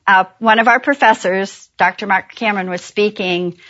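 A middle-aged woman and pastor's wife, telling a church audience about her ministry in a chatty, animated way and laughing at her own jokes. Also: medium pitch, normal speed, highs cut off. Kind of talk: warm personal testimony talk.

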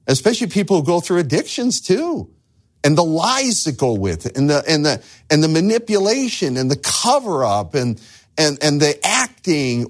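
Animated preaching man with a lively voice. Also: fairly high pitch. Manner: animated, acts out voices of the figures he tells about. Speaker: pastor. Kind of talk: sermon.

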